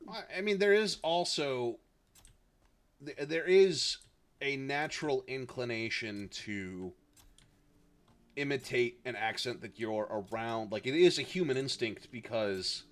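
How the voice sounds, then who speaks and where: A man's voice: mid-range voice, lively intonation, a little slow. A man chatting on a game stream, rambling and hedging with a self-mocking tone. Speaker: streamer co-host. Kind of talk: casual chat while gaming.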